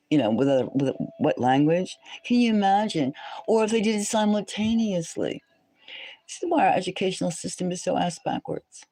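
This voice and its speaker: A woman hosting a psychic livestream, talking in an animated, emphatic way that slips into soft whispers. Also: lowish voice, poor audio. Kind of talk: casual livestream rant.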